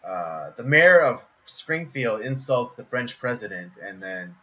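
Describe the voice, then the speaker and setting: A man with a bright, tense voice talking eagerly on a live podcast stream. He gets louder and more animated as he acts out favorite lines. The audio is dull and lo-fi. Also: mid-range voice, unhurried. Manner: eager, gets loud and animated acting out quotes. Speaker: podcast co-host. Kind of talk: casual chat about cartoon episodes.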